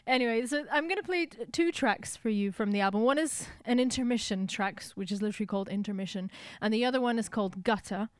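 A woman's voice: a little high, fast talker, few pauses, no echo, clean studio sound. A woman hosting a radio music show, talking in a chatty, enthusiastic way with plenty of fillers. She speaks with a non-English accent. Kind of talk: casual radio presenting.

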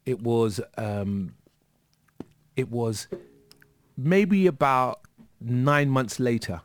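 A man's voice: medium pitch, very slow. A man telling a story as a guest in a casual interview, with lots of fillers and restarts. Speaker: guest musician.

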